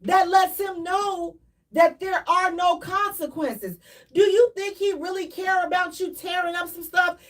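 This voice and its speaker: Animated, preachy woman radio host. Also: very high-pitched, a little slow, recorded from a distance. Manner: animated, preachy, repeats herself, sometimes shouting. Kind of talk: live call-in radio talk.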